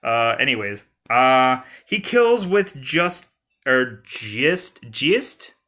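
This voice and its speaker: Slow, rambling young man giggling over a game. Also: mid-range voice, very animated, pushed and bright. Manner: rambling, giggly, full of filler words. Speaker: gaming commentator. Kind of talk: casual let's-play commentary.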